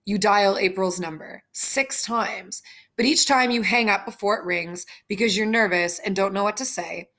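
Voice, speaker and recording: A woman's voice: mid-range voice, normal speed, fairly bright tone. Woman reading a second-person story. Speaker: narrator.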